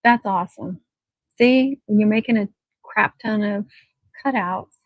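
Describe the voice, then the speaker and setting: A woman hosts a relaxed craft livestream, talking in a loose, rambling way at an everyday middle pitch. The sound is dry and a little dull, like a cheap home microphone. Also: unhurried, no room sound. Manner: rambling, chatty, talks to her dog. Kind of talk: casual chat on a livestream.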